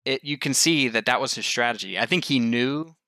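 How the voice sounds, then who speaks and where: A man co-hosting a casual film podcast who jumps in eagerly with quick comments and quiz-like questions. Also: mid-range voice, bright, forceful tone, no room sound. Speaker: podcast co-host.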